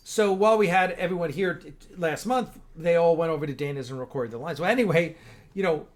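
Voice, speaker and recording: Male livestream host, slightly high voice, rambling and excited, casual chat. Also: fairly quick. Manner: rambling, enthusiastic, lots of restarts. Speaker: host of a fan-film livestream.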